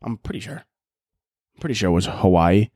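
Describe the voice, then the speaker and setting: A man's voice: fairly low pitch, big pitch swings, moderate pace, darkish tone, dry recording, studio quality. A young man from Chicago with a Chicago accent, hosting a podcast in a rambling, profane comedic monologue and laughing often. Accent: American, Chicago. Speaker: podcast host.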